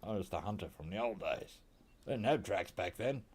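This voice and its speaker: Australian male streamer, low voice, chatty and joking, gameplay commentary. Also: lively intonation, a little fast, a little mellow, a little hiss or hum. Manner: joking, chatty, talks to the animals on screen. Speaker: gaming streamer.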